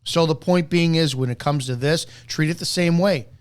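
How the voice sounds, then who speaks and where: Combative male commentator, profane and blunt, voice sitting a bit high. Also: normal speed, clear, resonant tone. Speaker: network marketing commentator. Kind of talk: reaction commentary.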